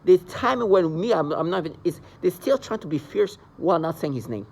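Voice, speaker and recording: A man's voice: a little high, animated, brisk, vocal fry, darkish tone. A man delivering an agitated, rambling monologue into the camera, with mocking asides. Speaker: vlogger describing being targeted. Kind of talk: angry monologue.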